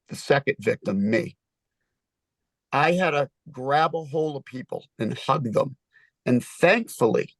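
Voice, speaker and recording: A man's voice: medium pitch, dry recording. Shaken guy testifying, urgent and emotional, dry close sound. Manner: urgent, emotional, repeats himself. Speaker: witness testifying at a hearing.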